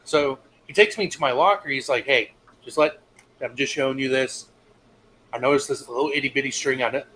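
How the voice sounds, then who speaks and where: A man's voice: mid-range voice, brisk, pushed and bright, slight background noise, rough recording. A young man co-hosting a casual stream, telling laid-back stories and swearing freely. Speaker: stream co-host. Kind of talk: casual storytelling chat.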